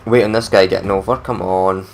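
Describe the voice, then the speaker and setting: Over soft background music, a man with a low, steady voice talks a little fast while giving casual let's play commentary. He chats to himself as he plays and grumbles in frustrated outbursts whenever things go wrong.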